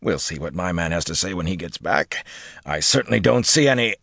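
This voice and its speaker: A man's voice: deep voice, animated, a little fast, vocal fry, fairly bright tone, dry recording, clean studio sound, exaggerated voice. A man voicing a hearty, scheming male tyrant lord who mocks and sneers in an audiobook. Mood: scornful. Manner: jovial, sneering.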